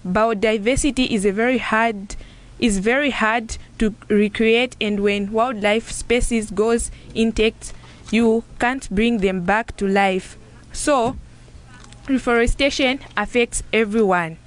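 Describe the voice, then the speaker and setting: A young woman with a slightly high voice explains facts on a youth radio panel. She moves between English and a local language and often breaks off and restarts her words. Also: slow. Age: young adult. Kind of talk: explaining on a radio talk show.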